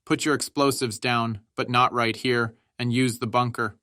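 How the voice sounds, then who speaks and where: Brief: a man doing a dry, matter-of-fact lookout soldier, bright, close dry sound. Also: mid-range voice, steady tone, moderate pace, dry recording, close to an everyday voice. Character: cold, wry male soldier on lookout.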